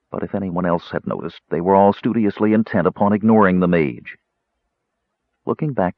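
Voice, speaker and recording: Deep-voiced male audiobook narrator. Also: no echo. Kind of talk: scripted narration. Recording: slightly muffled audio.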